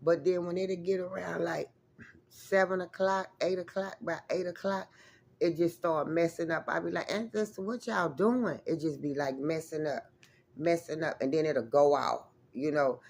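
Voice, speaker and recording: A woman's voice: sits low, fairly even intonation, moderate pace, darkish tone. A woman vlogger telling a rambling, emphatic story to her viewers in a casual way, swearing freely and calling out to them as y'all.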